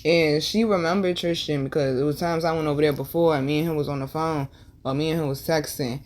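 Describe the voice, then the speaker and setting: A woman's voice: low voice, fairly even intonation, fast talker, a little mellow. A young woman vlogger telling a painful personal story candidly, with slang and swearing, and repeating lines for emphasis. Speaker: tarot and numerology vlogger.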